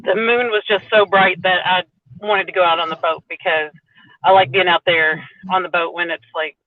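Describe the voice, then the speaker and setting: A woman's voice: on the low side, fairly even intonation, dry recording. A woman chatting on a live stream in a teasing, chatty way, calling in by phone from her parked car at a lake. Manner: chatty, teasing, quick to laugh. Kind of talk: casual live-stream chat. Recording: tinny phone-line audio.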